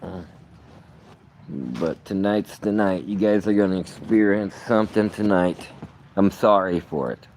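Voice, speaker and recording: A vlogger rambles through a profane monologue, swinging between muttering and sudden outbursts. His voice is low-pitched and a little mellow, his pace measured, with a little hiss or hum in the background.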